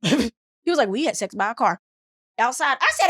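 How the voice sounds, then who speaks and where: A young adult woman co-hosting a casual chat, telling stories in an animated way, acting out quotes with big jumps in pitch and laughter. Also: moderate pace, no echo, clean studio sound. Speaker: podcast co-host.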